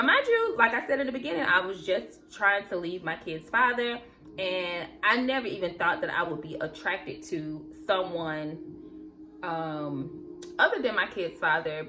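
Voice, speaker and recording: Young woman, casual story-time vlog, rambling and chatty, doing her makeup, faint hiss behind her. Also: fairly low pitch. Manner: chatty, rambling, addresses viewers as girl and y'all. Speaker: vlogger.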